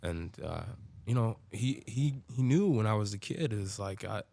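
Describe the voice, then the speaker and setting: A man's voice: on the low side, lively intonation, moderate pace, creaky, mellow. A man telling his own story as a podcast guest in a loose, profane way, full of filler words. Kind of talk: casual storytelling.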